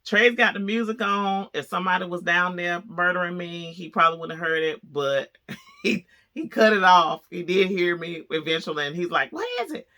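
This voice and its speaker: Chatty woman vlogger, bright sharp voice, telling a story with laughs. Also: lowish voice, steady tone, normal speed. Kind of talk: casual storytelling to camera.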